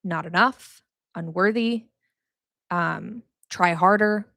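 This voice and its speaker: A woman's voice: lowish voice, slow, gravelly, a bit bright, no room sound, clean studio sound. A young woman hosting a podcast, teaching about faith in a casual, chatty way, laughing often and filling her talk with "like". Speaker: podcast host.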